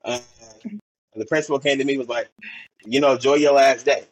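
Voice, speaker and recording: A man's voice: medium pitch, steady tone, brisk, breathy edge, dry recording, poor audio. A young man from Portland, Oregon, a podcast guest telling stories in a rambling way, full of fillers and acted-out quotes. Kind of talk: casual storytelling chat.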